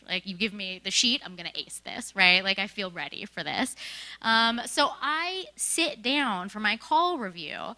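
A young woman giving a casual, animated talk about her work, telling stories and often checking in with "right?" and "like". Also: medium pitch. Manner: animated storytelling with frequent "right?" and "like". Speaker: presenter sharing work experience. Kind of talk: conversational presentation.

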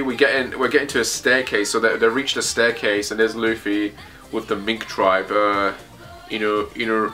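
A man casually reacting to a comic chapter, thinking aloud in a rambling, excitable way as he reads it. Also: fairly low pitch. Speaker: manga reaction host.

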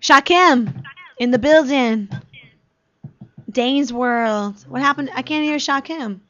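A woman's voice: sits high, slow pace, fairly bright tone, no echo. A woman from New York with a New York accent, hosting a live web talk show and chatting with guests. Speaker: host. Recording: dull lo-fi live stream audio.

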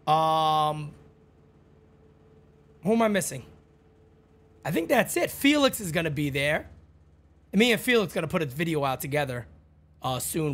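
A middle-aged man hosting a live stream, chatting casually and calling out viewers' names with loud, high-pitched greetings. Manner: animated, jumps high and loud when greeting viewers by name.

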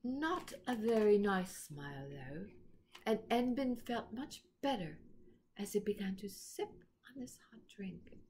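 Slow, careful woman storyteller. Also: medium pitch, animated, a little mellow, a little hiss or hum. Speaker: reader. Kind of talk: storybook read-aloud.

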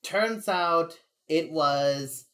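A woman's voice: sits low, extremely slow. A young adult woman streaming, chatting casually and venting candidly, rambling with frequent laughs. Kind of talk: casual live-stream chat.

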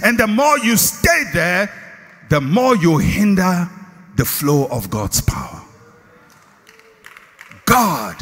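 A male pastor preaching a sermon, swinging from shouted lines to hushed, slow refrains. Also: high-pitched, slightly rough. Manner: slow, drawn-out repeated refrains. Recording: long hall reverb.

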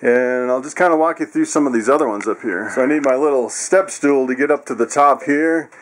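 A man's voice: fairly quick, a little hiss or hum. A man casually walking viewers through his animals in a vlog, chatty and laughing often. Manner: coos in high excited tones at pets. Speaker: vlogger.

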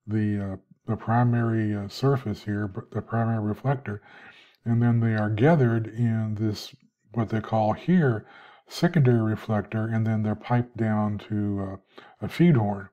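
A man, an instructor, giving a student casual recorded feedback, halting with many fillers and restarts, sleepy and yawning. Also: lowish voice, mellow, highs cut off.

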